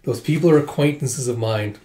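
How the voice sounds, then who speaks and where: A man voicing a calm, composed young man in disguise, speaking mildly, read aloud in a roomy-sounding space. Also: medium pitch, a little fast, natural voice. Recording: roomy echo.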